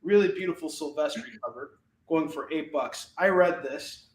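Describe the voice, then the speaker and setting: A man's voice: on the high side, moderate pace, roomy sound, far from the mic, low-quality recording. A man with a Chicago accent hosting a casual live sale of comic books, with rambling, upbeat salesman patter. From Chicago, US Midwest. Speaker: host selling comic books. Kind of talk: casual live-selling chat.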